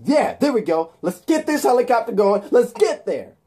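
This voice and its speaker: Eddie Brock, a loud pushy reporter, as a man puts him on. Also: very high voice, sing-song, moderate pace, husky, pitched above the performer's own voice, heavily acted. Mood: fired up. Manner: urgent, insistent, repeats himself. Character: pushy, fired-up male reporter.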